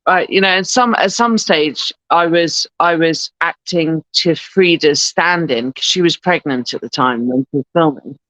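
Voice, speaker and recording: A woman's voice: low-pitched, unhurried, hardly any pauses, a bit bright, no room sound, rough recording. A woman guest on a podcast, telling stories casually, acting out what people said and swearing now and then. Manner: chatty storyteller, swears, acts out quotes. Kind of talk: casual chat.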